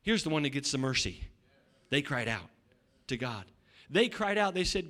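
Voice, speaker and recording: A middle-aged male pastor preaching a sermon, swinging between loud shouting and quiet asides, often repeating words and restarting. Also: mid-range voice, sing-song, moderate pace, pauses often.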